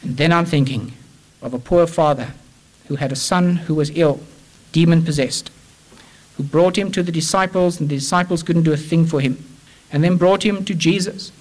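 A man preaching an evangelistic sermon, impassioned and repetitive, swinging from raised urgency down to hushed, low phrases. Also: normal speed, poor audio. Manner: impassioned, with repeated rhetorical appeals.

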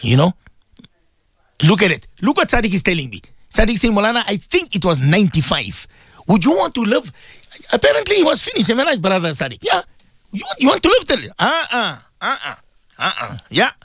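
A man preaching on a radio show, talking straight to his listeners, emphatic and repetitive, swinging between loud and soft with recurring refrains. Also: high-pitched, wildly swooping pitch, a little fast, slightly rough, no echo. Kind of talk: radio sermon addressed to listeners.

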